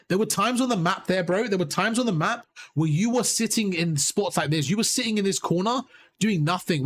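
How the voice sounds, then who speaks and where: A young man coaching players and chat through a live game review, excited and rapid, his voice worn out. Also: sits high, breathy edge. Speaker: esports coach and streamer. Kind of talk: live VOD review commentary.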